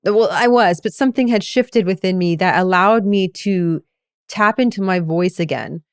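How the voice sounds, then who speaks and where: A woman's voice: medium pitch, moderate pace, clear, resonant tone, no echo, studio quality. A woman co-hosting a podcast as a meditation coach, telling a personal story in a reflective, casual way.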